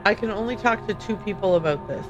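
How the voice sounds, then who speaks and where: Over music and through lo-fi audio, a woman with a mid-range voice talks at a quick pace. She hosts a gaming livestream, rambling casually as she plays and correcting herself again and again.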